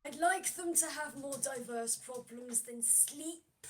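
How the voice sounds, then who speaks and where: A woman voicing a smug male bird-man who drawls slowly and teases with mock praise. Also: high voice, a bit bright, a little hiss or hum, voice pushed up. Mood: lazy drawl.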